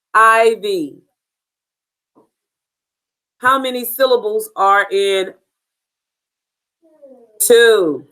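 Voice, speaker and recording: Very slow-paced woman teaching phonics. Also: mid-range voice, fairly bright tone, poor audio. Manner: slow, deliberate, drills sounds and spelling letter by letter. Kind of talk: phonics lesson for beginners.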